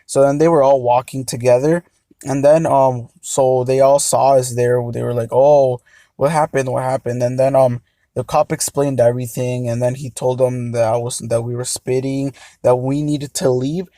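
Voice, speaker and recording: A man's voice: mid-range voice, level tone, normal speed, dark tone, dry recording. A young man telling a casual storytime, rambling and hesitant with many fillers. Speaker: vlogger.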